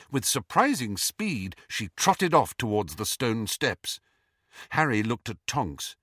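Lively, bright-voiced male storyteller. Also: mid-range voice, takes it slowly, husky, dry recording, clean studio sound. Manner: expressive, animated reading. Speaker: audiobook narrator. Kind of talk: scripted narration.

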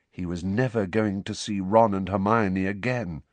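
A man's voice: low-pitched, steady tone, moderate pace, hardly any pauses, no room sound. A man narrating an audiobook, reading a tense fantasy scene dramatically. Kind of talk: scripted narration.

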